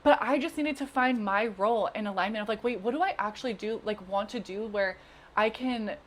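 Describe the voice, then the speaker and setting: A woman's voice: medium pitch, fairly quick, slight background noise. A young adult woman, a guest on a podcast, chatting earnestly and casually with many fillers. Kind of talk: casual chat.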